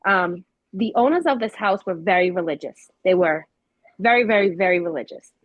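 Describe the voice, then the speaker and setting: A woman telling her paranormal investigation experiences in a casual, animated way, with many fillers. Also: on the low side, normal speed, no room sound, narrow, tinny audio. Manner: animated, acts out quoted voices with many fillers. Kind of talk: casual storytelling.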